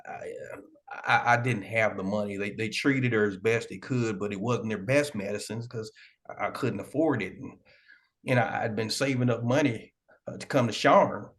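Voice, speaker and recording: A man's voice: fairly low pitch, normal speed, a bit bright. A man playing a stammering, grieving young man. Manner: stammering, hesitant, repeats words. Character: troubled young man grieving his mother. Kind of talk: tabletop role-play.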